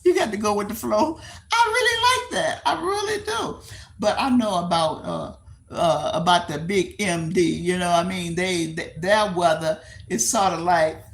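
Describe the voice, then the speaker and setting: A woman's voice: fairly low pitch, moderate pace. An older woman from Texas with a Texan accent, hosting a livestream and chatting with her viewers. She rambles, repeats herself, laughs easily and answers comments aloud. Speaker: livestream host. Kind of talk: casual chat with live viewers.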